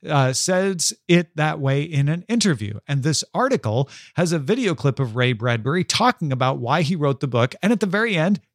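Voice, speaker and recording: A man's voice: a little high, dry recording, studio quality. A man co-hosting a podcast in casual chat, reading listener comments and laughing often. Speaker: podcast co-host.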